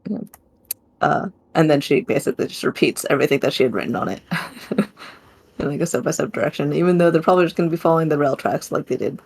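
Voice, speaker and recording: A woman's voice: sits low, quick pace, gravelly, a little mellow, husky. A woman narrating her character's actions in a tabletop game, rambling with laughing asides. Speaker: player. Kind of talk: tabletop role-play narration.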